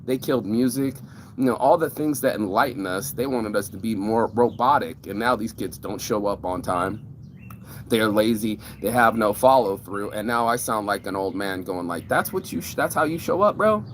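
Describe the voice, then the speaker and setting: A man's voice: lowish voice, normal speed, slight background noise. A middle-aged man ranting casually to camera, rambling and profane, with lots of fillers and restarts. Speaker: vlogger.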